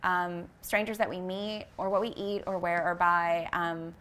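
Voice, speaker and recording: A woman who founded a vegan fashion brand, talking as an interview guest in an earnest, reflective way and often pausing on fillers as she searches for words. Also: fairly low pitch, level tone, fairly bright tone. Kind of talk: casual reflective interview talk.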